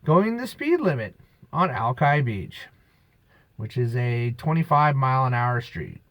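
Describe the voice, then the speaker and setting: A man's voice: mid-range voice, sing-song, a little slow, a bit bright, no echo, rough recording. A man in a rambling, preachy monologue, emphatic and drifting off-topic, talking outdoors on a beach. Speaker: vlogger.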